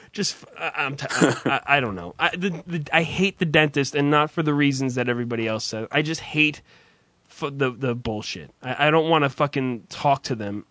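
A man's voice: a little high, pushed and bright, no echo. A man hosting a radio show, ranting bluntly in casual chat, swearing constantly and stumbling through restarts.

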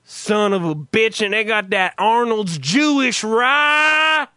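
A man's voice: sits high, takes it slowly, clean tone, no echo, studio quality, voice pushed up, full character voice. A man putting on a Southern accent, playing a grouchy husband who hollers and curses at his wife in a grocery store. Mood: angry shouting. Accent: American Southern. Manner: shouting, cursing.

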